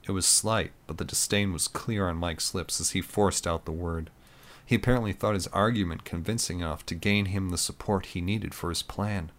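A man narrates a war story in the first person, reading in a steady, descriptive manner. His voice is very low and deep. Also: moderate pace.

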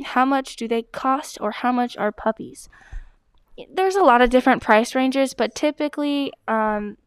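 A woman hosts a casual question-and-answer vlog, talking in a chatty way with plenty of hesitant fillers. Her voice sits a little high and sounds exceptionally clear and smooth. The recording is dry, with no room echo. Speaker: dog blogger answering breed questions.

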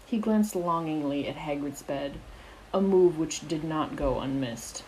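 A woman narrating fan fiction aloud in a steady, expressive storytelling voice. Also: sits low, unhurried, a little hiss or hum, low-quality recording.

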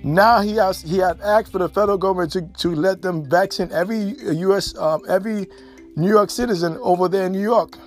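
A man's voice: high voice, fairly quick, soft background music. A man hosting a solo podcast, talking in an opinionated, repetitive way with many fillers and restarts. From United States. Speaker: podcast host.

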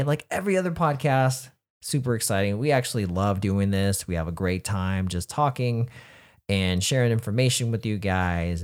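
A man hosting a casual podcast, talking in an easygoing, rambling way. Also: lowish voice. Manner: easygoing, rambling intros with fillers. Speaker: podcast host.

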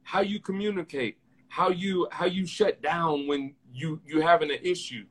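A young man hosting a casual podcast, talking in slang and telling animated stories with lots of repeated phrases. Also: on the high side, normal speed, breathy edge. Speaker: podcast host.

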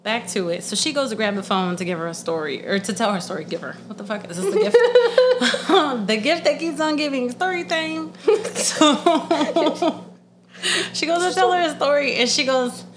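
A woman's voice: high-pitched, moderate pace. Woman, casual podcast chat, congested, blunt and swearing, faint background hiss. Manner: blunt, profane, animated storytelling. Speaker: podcast co-host.

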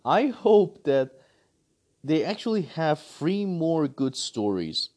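Animated man ranting in a review. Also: on the high side, slow pace. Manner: animated, exasperated critique with sarcasm. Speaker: movie reviewer. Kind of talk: casual movie review commentary.

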